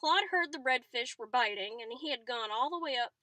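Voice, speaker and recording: A woman reading a novel aloud in a chatty way, stopping now and then for excited asides. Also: high voice, brisk, dry recording. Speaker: reader.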